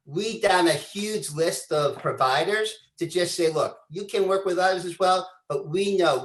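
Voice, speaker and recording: A man hosting a webinar, introducing the panel in an earnest, formal way. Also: a little high. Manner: earnest and formal, says "quite frankly". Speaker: webinar host. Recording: echoey room.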